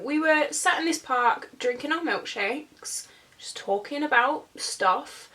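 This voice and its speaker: A woman's voice: fairly high pitch, pushed and bright. A woman in her twenties telling a rambling storytime while she does her makeup at home, with plenty of fillers and asides. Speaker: vlogger. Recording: voice a bit distant from the mic.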